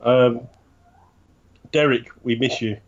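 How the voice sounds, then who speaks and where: A man's voice: mid-range voice, fairly even intonation, slow. Blunt joking man on a dull-sounding mic. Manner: blunt and joking, with casual swearing. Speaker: co-host. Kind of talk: casual video game podcast chat.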